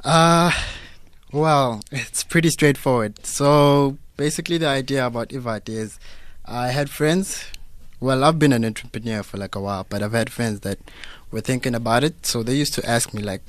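A young South African man, a business owner being interviewed on radio, relaxed and casual, laughing easily. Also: medium pitch, moderate pace. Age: young adult. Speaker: guest entrepreneur. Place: radio studio.

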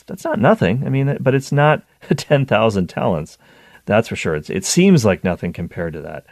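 A man hosting a show, giving a conversational teaching talk on scripture, animated and full of restarts. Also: lowish voice, dry recording, studio quality. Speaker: Catholic teacher and show host.

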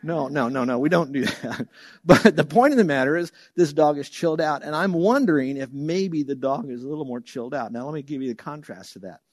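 A man preaching a sermon as a pastor, telling stories with lively acted-out voices. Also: on the high side, fairly quick, no echo. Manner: animated storytelling, acts out voices loudly.

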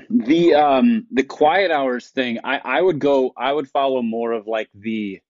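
A man's voice: medium pitch, takes it slowly, no echo. A middle-aged man co-hosting a podcast in casual chat, telling stories in a dry, wry way. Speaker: podcast co-host. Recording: dry, slightly dull sound.

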